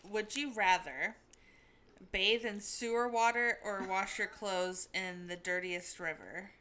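A woman's voice: medium pitch, fairly even intonation, takes it slowly, pushed and bright. A young woman on a casual podcast, joking playfully and defending herself among friends. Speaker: podcast co-host. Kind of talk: casual chat.

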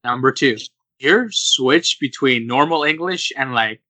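A young man co-hosting a casual podcast, his voice bright and forward, recorded dry and close. He tells stories lively, jumping into quoted asides as he goes. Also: mid-range voice, a little slow, dry recording, low-quality recording. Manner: animated storyteller who slips into quoted voices. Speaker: podcast co-host.

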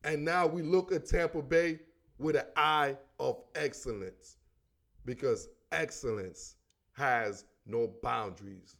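A man hosting a casual sports commentary show, talking in an animated, slangy way and repeating catchphrases. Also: mid-range voice, takes it slowly, vocal fry.

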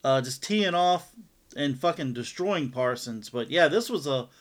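A man co-hosting a casual fight recap chat, calmly running through each fight and laughing along. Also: mid-range voice, unhurried. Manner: laid-back, laughs along, rundown of the fights. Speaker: podcast co-host.

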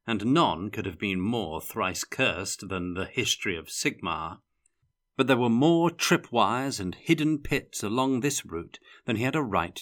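Male audiobook narrator, measured delivery, forceful and bright tone. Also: fairly low pitch. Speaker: audiobook reader. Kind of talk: scripted narration.

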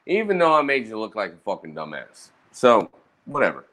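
A man's voice: on the low side, a little fast. Brash, profane man telling stories. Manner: profane, animated, brash roasting talk. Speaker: streamer recounting roast battles. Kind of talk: casual storytelling monologue.

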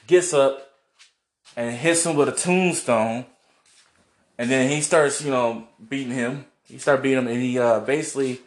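Rambling man recapping in an echoey room. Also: mid-range voice. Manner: rambling, laughs often, swears casually. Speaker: vlogger recapping a wrestling show. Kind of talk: casual recap. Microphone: camera mic, seen on video.

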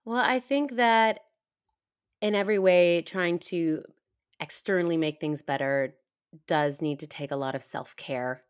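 Giggly woman, low voice. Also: unhurried, clean tone. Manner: giggly, animated, self-deprecating. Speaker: podcast guest. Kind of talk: casual conversation.

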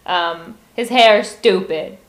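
A woman's voice: lowish voice, slow, a crowd in the background. A young woman co-hosting a podcast, chatting casually and bluntly about a movie. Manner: blunt, opinionated, animated. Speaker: podcast co-host. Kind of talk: casual movie review chat.

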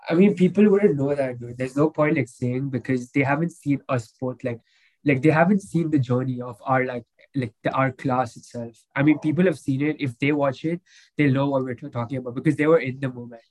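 Young male podcast guest, casual chat, rambling with lots of fillers, mid pitch. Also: fairly quick, a little mellow, poor audio. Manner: rambling, heavy with fillers and restarts.

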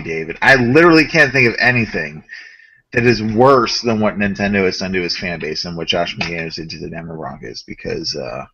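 A man co-hosting a casual gaming podcast, ranting in an animated, profane way. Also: lowish voice, husky, highs cut off. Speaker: podcast co-host.

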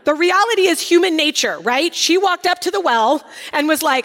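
A woman teaching a Bible passage in a chatty, animated way, acting out the quoted lines with sass. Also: high voice, normal speed, hardly any pauses, in a large hall.

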